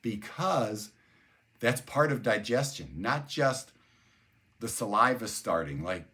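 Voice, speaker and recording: Older man, low voice, casual explanatory lecture, repeats words, spells terms aloud. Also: expressive, slow pace, pushed and bright. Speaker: neuroscience educator. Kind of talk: explanatory talk.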